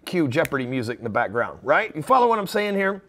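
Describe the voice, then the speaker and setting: A middle-aged man with a high, pushy voice gives a profane sales lesson. He speaks bluntly and acts out sample messages in quick voices. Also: very animated, fairly bright tone. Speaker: sales coach. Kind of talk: profane motivational sales talk.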